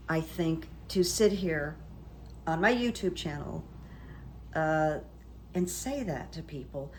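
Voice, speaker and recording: A woman's voice: fairly low pitch, a little hiss or hum. Chatty middle-aged woman vlogging. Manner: chatty, rambling storyteller, frequent fillers. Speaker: psychic YouTuber. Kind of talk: casual vlog chat.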